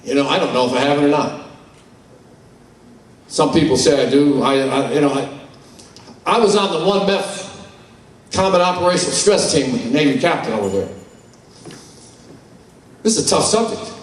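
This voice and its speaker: A man's voice: a little high, expressive, moderate pace, long pauses, distant mic. An older man giving a blunt, salty, folksy talk at a conference, telling personal stories. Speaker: conference speaker. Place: large conference hall. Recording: roomy hall, voice from afar.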